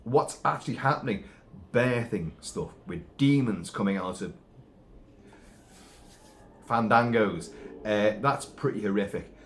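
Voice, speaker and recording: A man casually recapping a horror film plot, rambling and animated, with frequent restarts and swearing. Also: fairly low pitch, measured pace, long pauses, a little hiss or hum. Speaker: film reviewer.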